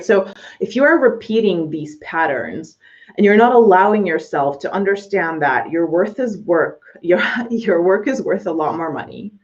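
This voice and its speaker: A woman coaching her audience directly in a blunt talk, swearing freely as she goes. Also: fairly low pitch. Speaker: business coach. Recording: slightly dull lo-fi audio.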